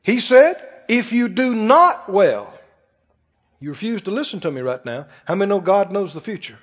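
A man preaching a sermon, animated and full of rhetorical questions to the congregation. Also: high-pitched, normal speed. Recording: muffled sound with long hall reverb.

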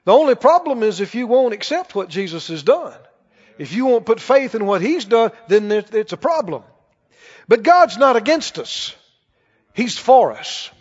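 A man's voice: very high-pitched, very animated, moderate pace, breathy edge. A man preaching a sermon to a congregation, asking the audience questions as he goes. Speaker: pastor. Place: large church hall. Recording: dull reverberant church recording.

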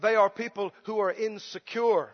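A man preaches with fervor in a very high voice, swinging between hushed, whining imitations of someone begging and loud, bold proclamations. His voice rings through a church hall with a long reverb tail. The recording sounds muffled and lo-fi. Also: steady tone, normal speed. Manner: impassioned, mimics pleading beggars in a whimper. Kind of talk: sermon.

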